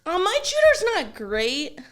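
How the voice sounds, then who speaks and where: A woman comedian chatting as a podcast guest, her voice pitched high and swinging widely as she tells her stories. She swears freely and laughs through much of what she says. The delivery is loose and conversational. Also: huge pitch swings, slow. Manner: profane, laughing storyteller. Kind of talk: casual podcast chat.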